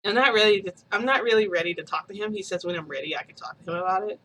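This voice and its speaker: A woman vlogger telling a story to her viewers in a chatty, animated way, acting out quoted dialogue. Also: mid-range voice, very fast, low-quality recording.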